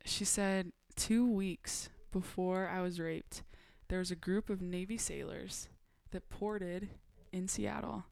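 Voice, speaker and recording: A young adult woman on a podcast telling a personal story in a casual, animated way. She laughs often and acts out the dialogue she quotes. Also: mid-range voice, slow, gravelly, few pauses, no echo, studio quality. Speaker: podcast guest.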